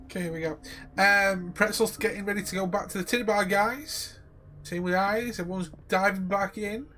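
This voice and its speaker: A man's voice: high-pitched, steady tone, moderate pace, sharp tone, soft background music. A man casually commentating a live game stream, joking with viewers. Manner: casual, jokey, addresses viewers.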